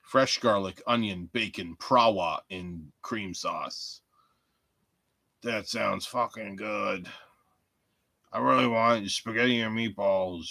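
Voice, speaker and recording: A man's voice: fairly low pitch, slow, creaky, pushed and bright, dry recording. A man hosting a rambling solo podcast from home, profane and jokey, muttering asides to himself. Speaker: podcast host.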